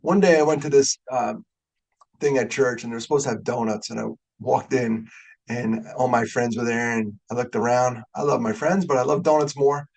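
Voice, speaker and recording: A man's voice: mid-range voice, steady tone, moderate pace, creaky, darkish tone, rough recording. A middle-aged man from New York giving a conversational webinar talk, joking and openly emotional as he goes. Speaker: guest speaker.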